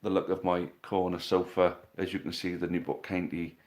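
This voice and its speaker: A man's voice: low-pitched, level tone, moderate pace, darkish tone. A man hosting a casual live stream from home, chatting, reading out viewer questions and teasing them, recorded on a phone on a tripod. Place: living room at home.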